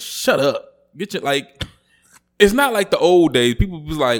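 Guy going off on a podcast, casual chat that builds to a loud rant. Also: a little high, a little fast. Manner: animated, rises to loud ranting when worked up. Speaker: podcast co-host.

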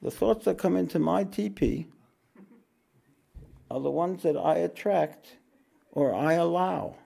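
A man teaching a spiritual talk to an audience, unhurried, repeating his phrases and often clearing his throat. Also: fairly high pitch, warm tone.

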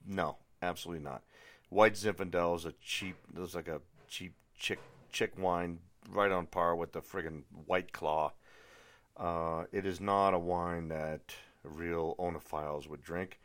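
A middle-aged American man hosting his own podcast, chatting through a rambling, enthusiastic solo monologue full of asides. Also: sits low. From United States. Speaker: podcast host.

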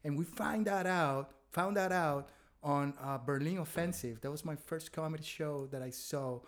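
A man's voice: a little high, normal speed. A man chatting candidly on a podcast about his dating life, laughing often as he rambles through stories. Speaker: podcast guest, stand-up comedian. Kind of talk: casual chat. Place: Berlin.

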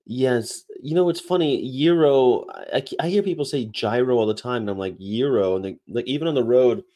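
A man's voice: mid-range voice, a little fast, warm tone. A man hosting a livestream, chatting casually and rambling between topics and read-aloud definitions. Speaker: livestream host.

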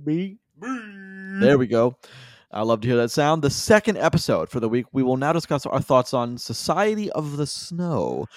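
A man's voice: mid-range voice, sing-song, brisk, hardly any pauses, no echo. Rambling male podcast host, dry sound. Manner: rambling, stumbles over names, frequent laughs. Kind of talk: casual movie podcast chat.

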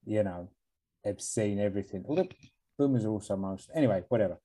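A man with a mellow, warm tone co-hosting a casual podcast. He shifts between dry joking and sincere, thoughtful advice. His talk is relaxed and unscripted. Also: on the low side, fast talker, rough recording. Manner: joking, then earnest advice-giving. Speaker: podcast co-host.

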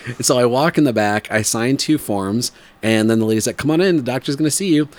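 A man in his forties telling a story in casual chat, rambling with fillers and laughing, and putting on animated voices when he quotes people. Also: mid-range voice, fast. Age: 40s.

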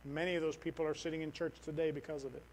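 A middle-aged man with a high, light voice preaches to a church congregation. He is animated and storytelling, jumping from near-shouted outbursts to hushed, soft-spoken moments. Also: racing, slight background noise, low-quality recording. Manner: animated, swings from loud outbursts to quiet. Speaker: missionary preacher. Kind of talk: sermon.

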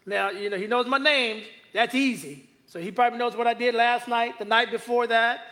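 Man, pastor, sermon, very high pitch, bright forceful tone, chatty and joking, slow drawn-out emphasis. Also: steady tone. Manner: conversational, joking asides with the congregation; slows and stretches key phrases for emphasis.

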